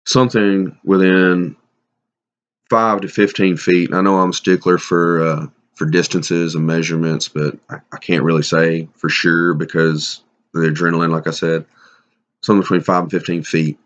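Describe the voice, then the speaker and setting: A man's voice: deep voice, flat delivery. Middle-aged guy rambling thru a story, lots of restarts, kinda muffled lo-fi sound. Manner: rambling, halting, with many restarts and fillers. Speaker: bigfoot hunter sharing encounters. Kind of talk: casual storytelling to camera. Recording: dull lo-fi sound.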